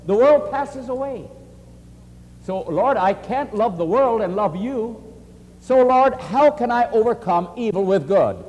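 A man preaching and answering questions, earnest and animated, often quoting scripture. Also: high voice, a little slow, long reverb tail, lo-fi sound. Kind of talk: sermon-style question and answer.

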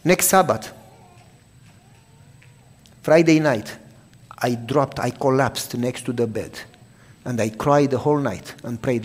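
A preacher from Romania with a Romanian accent, giving a sermon with personal testimony, dramatic, shifting from loud outbursts to hushed telling. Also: male voice, mid-range voice, measured pace, slightly rough, in a large hall.

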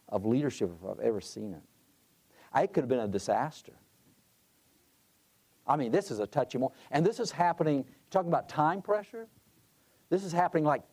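A man's voice: a little high, darkish tone, husky. Man telling a leadership story. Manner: conversational, with frequent restarts and asides. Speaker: conference president speaking on leadership.

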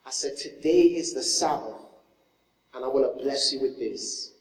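A male pastor delivers an animated sermon, his voice jumping from big exclamations down to near-whispers as he tells a story. The sound is roomy with a long reverb tail, picked up from some distance away. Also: mid-range voice, normal speed. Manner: animated storytelling, swinging from loud to hushed. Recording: echoey hall, mic from far off.

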